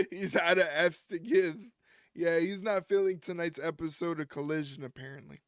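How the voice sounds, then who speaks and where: A man hosts a live watch-along in a casual, joking way. His voice sits a little high and sounds dry and close to the mic, with no room echo. He keeps the chat loose and teases a friend between plugs for his show. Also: animated, moderate pace. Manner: joking, teasing a co-viewer. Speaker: podcast host streaming a watch-along. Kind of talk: casual live-stream commentary.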